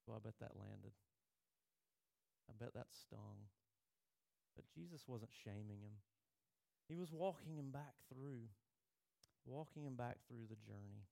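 A man's voice: mid-range voice, a little slow, vocal fry, pauses often, dark tone. A male pastor preaching a sermon in a conversational way, telling personal stories.

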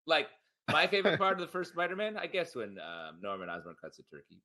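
A man co-hosting a casual live-streamed talk show, joking and animated. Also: on the high side. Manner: joking, animated, quick asides. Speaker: podcast co-host.

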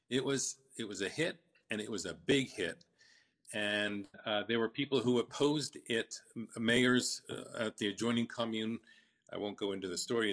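An older man recounting his business story in a casual interview, halting with fillers and restarts. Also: mid-range voice, fairly bright tone.

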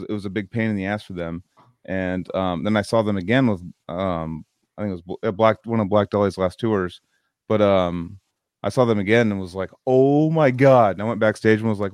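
Low-voiced drunk guy, rambling swearing storyteller, dry close sound. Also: smooth, dry recording. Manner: rambling, profane, filler-heavy storytelling. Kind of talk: casual chat.

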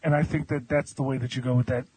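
A man's voice: mid-range voice, flat delivery, quick pace, warm tone, slightly rough, no room sound, low-quality recording. A man on a casual chat panel, laying out his reasoning step by step with confidence. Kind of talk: casual chat, wrestling predictions.

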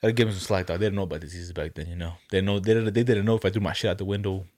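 A man's voice: low voice, fairly even intonation, rapid-fire, darkish tone, no echo, clean studio sound. A young man chatting casually on a podcast, slangy and laid-back, swearing freely. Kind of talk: casual chat.

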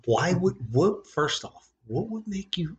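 A man's voice: high-pitched, sing-song, measured pace, highs cut off, a little hiss or hum. A man hosting a casual podcast, laughing easily and moving the talk to the next segment. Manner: laughs often, leads segments. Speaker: podcast host. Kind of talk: casual chat. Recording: echoey room.

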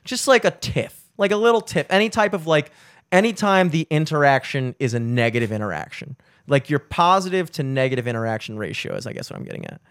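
A man's voice: fairly high pitch, fairly quick, dry recording. Young male podcast host, rambling storyteller, dry close sound. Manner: rambling, animated storytelling with frequent swearing. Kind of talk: casual chat.

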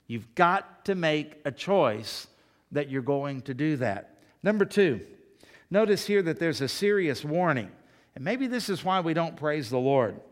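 A middle-aged man preaching a sermon as pastor, emphatic, his voice climbing high when he presses a point. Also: animated, measured pace.

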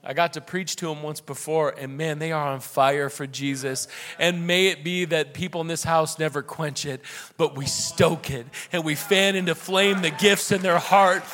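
Young guy preaching, talky and earnest, bright ringing voice. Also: fairly high pitch, steady tone, normal speed, faint music behind. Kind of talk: sermon and prayer.

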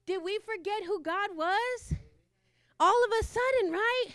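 A woman's voice: very high-pitched, measured pace, a bit bright, no echo, clean studio sound. A woman preaching a fervent sermon, repeating phrases and laughing between lines.

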